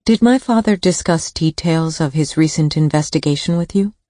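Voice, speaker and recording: A woman's voice: sits low, moderate pace, warm tone, no room sound, clean studio sound, natural voice. A woman voicing a persistent adult daughter who asks direct, probing questions, in an audiobook.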